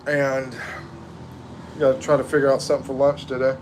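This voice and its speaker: A man's voice: mid-range voice, little pitch movement, fairly quick, slight background noise. A middle-aged man hosting a casual livestream, chatting in a drawling, rambling way as he reads out viewer comments. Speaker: livestream host.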